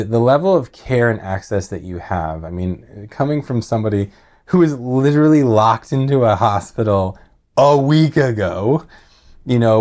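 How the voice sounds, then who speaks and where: A man's voice: lowish voice, a little mellow. A middle-aged man telling a personal story in casual, earnest talk, rambling with many restarts and filler words.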